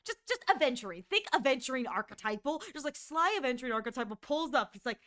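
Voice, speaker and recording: A woman's voice: sits high, quick pace. A woman streamer chatting casually and gossiping with her viewers during an art stream, laughing often. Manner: giggly, gossipy, animated.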